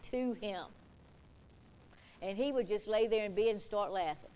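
A woman's voice: mid-range voice, moderate pace, long pauses, warm tone, low-quality recording. A woman preacher delivering an emphatic sermon, repeating points and quoting scripture. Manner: emphatic, repetitive, quotes scripture.

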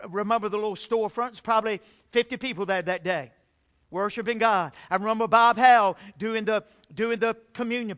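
A middle-aged pastor preaches his own testimony in a high-pitched voice. His tone is bright and forward, and he swings between loud emphatic bursts and hushed confessions. The delivery is plainly that of a sermon.

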